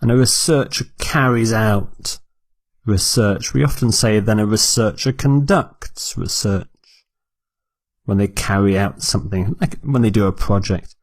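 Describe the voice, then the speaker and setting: A man teaching English vocabulary, repeating each word clearly and explaining it for learners. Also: fairly low pitch, a little slow, no echo. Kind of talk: slow, deliberate vocabulary lesson.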